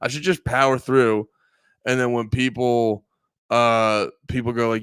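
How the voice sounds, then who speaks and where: A man's voice: mid-range voice, normal speed, fairly bright tone, clean tone, no echo, clean studio sound. A man hosting a casual livestream, rambling and joking with frequent swearing while talking straight to his chat. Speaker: livestream host.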